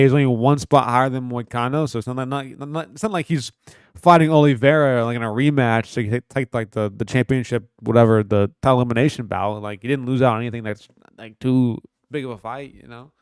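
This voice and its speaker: Young man from Kentucky, livestream host, loose profane chat, smooth clear voice, dry close sound. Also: medium pitch, a little mellow, no room sound. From Kentucky, USA. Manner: loose, profane, joking banter. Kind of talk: casual livestream chat, reading chat aloud.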